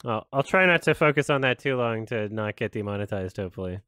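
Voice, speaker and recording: A man hosting a casual reaction video, laughing often, swearing and breaking into loud excited exclamations between quieter musings. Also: fairly low pitch, quick pace, background noise.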